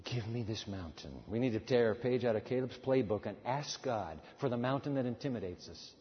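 A man's voice: medium pitch, a little fast. Dynamic preacher man in a reverberant hall. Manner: dynamic preaching, swinging from loud to hushed. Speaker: pastor. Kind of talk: sermon. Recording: dull sound in a hall with long reverb.

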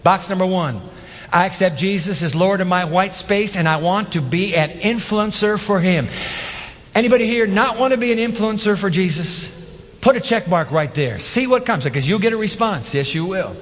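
A man preaching a sermon as pastor, animated, with rhetorical questions and emphatic repetition. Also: sits high, normal speed, big-room sound.

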